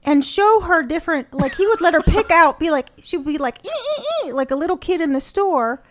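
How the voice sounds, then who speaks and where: A woman co-hosting a comedy podcast, telling stories in an animated, sarcastic way in casual chat. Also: high voice, brisk. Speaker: podcast co-host.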